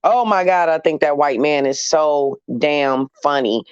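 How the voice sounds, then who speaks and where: A woman's voice: low-pitched, unhurried, clean tone, dry recording, muffled recording. Blunt, candid woman chatting casually. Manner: blunt, candid, with loose slangy phrasing. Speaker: host talking to viewers. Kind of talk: casual chat to a live audience.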